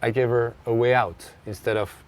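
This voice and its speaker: A man's voice: mid-range voice, steady tone, moderate pace. A man with a French accent, a tennis coach telling a story in an interview, earnest and reflective. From France. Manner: earnest, reflective, acts out remembered dialogue.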